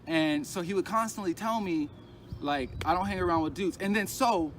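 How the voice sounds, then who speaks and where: Guy venting his story outside, bit higher voice, halting and repeating himself, loud traffic going by. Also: lively intonation, creaky. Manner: halting and agitated, many restarts and repeated phrases. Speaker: storyteller recounting a personal ordeal. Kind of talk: casual personal account.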